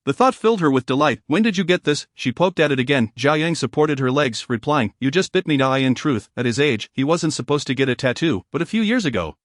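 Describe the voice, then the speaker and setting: A man giving steady, smooth audiobook narration of a romance novel. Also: mid-range voice, a little fast, hardly any pauses, no echo, studio quality.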